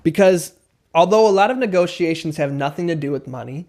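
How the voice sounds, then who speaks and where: A man with a slightly raised pitch talks through negotiation advice as host of his own show. He breaks into quick acted exchanges, voicing both sides of a conversation to show how it sounds. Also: lively intonation, a little mellow. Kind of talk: explaining negotiation tips to camera.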